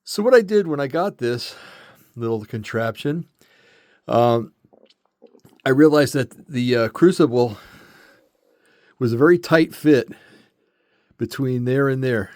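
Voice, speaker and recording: A man's voice: medium pitch, lively intonation, takes it slowly, long pauses, darkish tone, dry recording, studio quality. An older man casually demonstrating a tool, rambling and correcting himself often, a little out of breath. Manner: rambling, self-correcting, lots of fillers. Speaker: metal casting hobbyist showing a tool.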